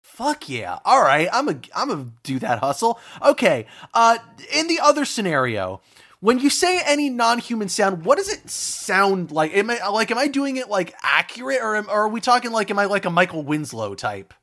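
Man co-hosting a comedy podcast, lively pitch swings, playful rambler. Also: normal speed. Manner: animated, rambling, playful questions. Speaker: podcast co-host. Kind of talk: casual comedy chat.

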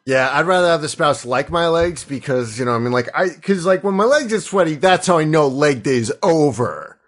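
A man's voice: fairly high pitch, animated, normal speed. A man rambling through crude jokes in a casual comedy podcast chat.

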